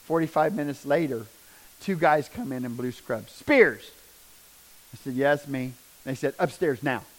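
A middle-aged man telling a personal testimony as a father, his telling raw and intense and swinging from hushed to loud. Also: medium pitch, measured pace. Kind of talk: emotional personal testimony storytelling.

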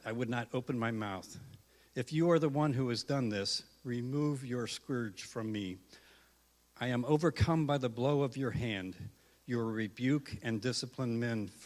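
A man reading a psalm aloud in a measured, solemn way. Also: mid-range voice, in a large hall. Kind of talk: scripture reading.

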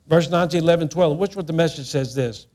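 A middle-aged male pastor preaches a sermon in church, his voice fairly high, quick and somewhat dark in tone. He is emphatic, repeats phrases, and acts out the quotes as he delivers them.

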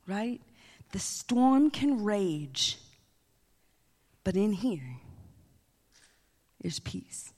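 A middle-aged woman giving a preached testimony, animated, moving between emphatic lines and hushed ones. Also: mid-range voice, very slow, pauses often. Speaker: church staff member giving testimony. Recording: long reverb of a large hall.

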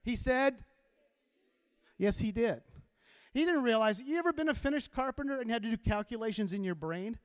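A man, a teacher, giving an animated motivational talk to a live audience and telling stories to get the crowd involved. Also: very high-pitched, normal speed, pauses often, clear, resonant tone. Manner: animated storyteller who gets the crowd to repeat lines. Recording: long hall reverb.

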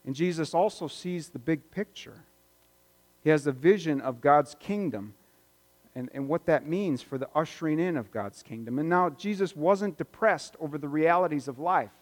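Male pastor, sermon delivery, somewhat higher voice, conversational with quiet reflective dips, big reverberant sanctuary. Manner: conversational, reflective, swings between loud and hushed. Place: church sanctuary. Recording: long reverb of a church hall.

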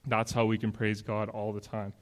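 A man's voice: lowish voice, completely flat delivery, moderate pace. A man preaching a sermon in a conversational way, reading scripture aloud and explaining it. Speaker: pastor.

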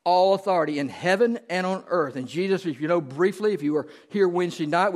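A pastor preaching a conversational sermon, often turning to ask the congregation questions. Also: male voice, a little high, brisk, few pauses.

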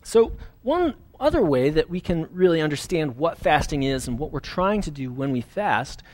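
A man's voice: fairly high pitch, big pitch swings, normal speed. A man preaching a sermon as pastor, earnest and conversational, with fillers and restarts.

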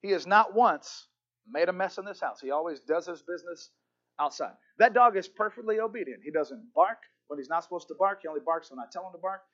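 A man voicing an old male pastor who teaches patiently in a gentle, measured way. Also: sits high, lively intonation, lo-fi sound. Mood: calm teaching.

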